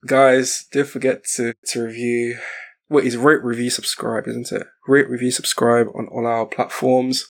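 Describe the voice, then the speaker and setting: A man with a gravelly, creaky edge hosts a podcast in easygoing chat. He is laid-back and swears casually. His pitch sits in a middle range. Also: level tone, a little slow. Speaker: podcast host.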